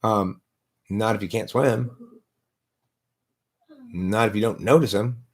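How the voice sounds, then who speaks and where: Speaking slowly in a lowish, slightly rough voice, this live stream host addresses his laptop. His talk is a relaxed philosophical argument, delivered like a lecture and peppered with questions he puts to himself.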